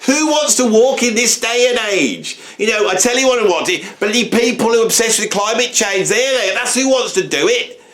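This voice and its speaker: A high, wildly swinging voice belongs to a blustering grump on a furious rant, as a man puts him on. He swears and fumes, his pitch leaping all over the place. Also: animated, moderate pace, hardly any pauses, fairly bright tone, reverberant. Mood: outraged. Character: furious grumpy middle-aged English man ranting.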